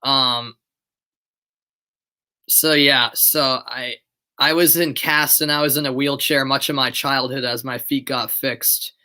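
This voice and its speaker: A man's voice: mid-range voice, fairly even intonation, slow, sharp tone. A man doing live play-by-play commentary on a stream, chatting casually with viewers between plays.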